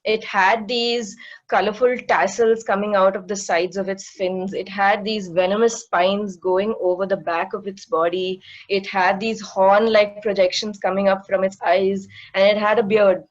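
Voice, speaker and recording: A woman's voice: medium pitch, fairly even intonation, unhurried, highs cut off. Woman giving an online science talk. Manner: explanatory, many fillers. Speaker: guest speaker, marine educator.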